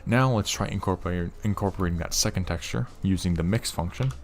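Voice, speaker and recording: A man's voice: sits low, fast talker. A young man hosting a casual coding tutorial, rambling and swearing with exasperated asides at his desk mic. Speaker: programming tutorial host.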